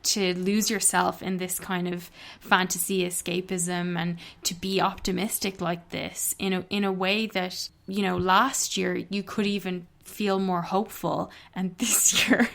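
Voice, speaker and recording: A woman with a slightly low voice co-hosts a casual book club podcast. She talks in a candid, chatty way and swears freely. Street traffic drifts in through an open window behind her. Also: flat delivery, unhurried, creaky, few pauses, a bit bright. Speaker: podcast co-host.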